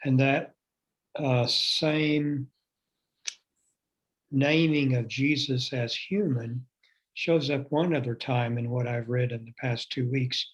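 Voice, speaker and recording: A man taking part in a class discussion, speaking in a reflective, deliberate way. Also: medium pitch, steady tone, breathy edge. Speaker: class participant. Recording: muffled lo-fi audio.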